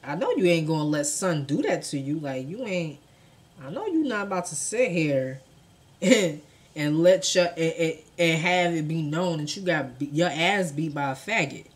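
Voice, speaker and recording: Young woman, casual storyteller, fairly low voice, animated, profane, loud bursts on quotes. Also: moderate pace. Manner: animated, profane, acts out quotes with big swings in loudness. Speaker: true crime storyteller.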